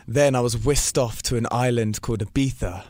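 A young man tells his story in a loose, rambling way, gently poking fun at himself. The sound is dry and close, with no room around his voice. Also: medium pitch, normal speed, dry recording. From England. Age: 20s. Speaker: guest. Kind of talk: casual interview chat.

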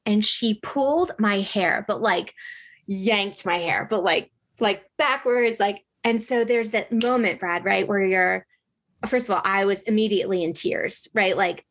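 A woman's voice: mid-range voice, fairly bright tone. A woman chatting casually and telling a story with lots of energy. She fills her talk with fillers and keeps checking in with tag questions. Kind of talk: casual conversation.

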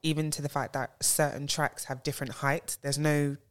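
A woman co-hosts a casual podcast, speaking in a low, flat voice at a moderate pace. She often fumbles for the right word, filling the gaps with plenty of "like."

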